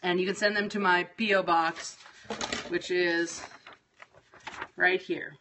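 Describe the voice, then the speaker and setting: A woman's voice: lowish voice, fairly even intonation, slow pace, background noise. A middle-aged woman chatting casually to her viewers on a livestream, scattered, exasperated and swearing freely. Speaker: livestream host.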